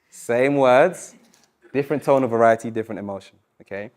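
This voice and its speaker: A man coaching a live public speaking workshop, encouraging and lively, slowing down and dropping his voice to stress points. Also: medium pitch. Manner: energetic, encouraging, varies pace and loudness for emphasis. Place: university lecture room.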